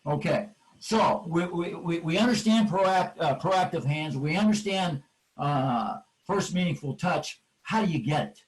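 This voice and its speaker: An older man, an offensive line coach, talks over drill video at a football clinic, hammering home points with emphatic, repeated cue words. His voice sits on the high side with lively intonation and a slightly slow pace. The mic is distant and the recording is rough.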